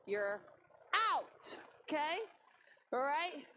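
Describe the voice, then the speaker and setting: Bubbly high-voiced youth leader woman. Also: slow, long pauses, slight background noise, low-quality recording. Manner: energetic, laughing, upbeat. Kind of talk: leading group games. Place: church youth room.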